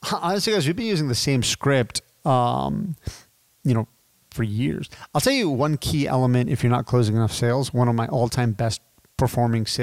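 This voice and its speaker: A man in his thirties teaching business as a podcast guest, animated and casual, addressing listeners as dude and my friends. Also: medium pitch, no echo. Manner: acts out sales calls in quoted voices.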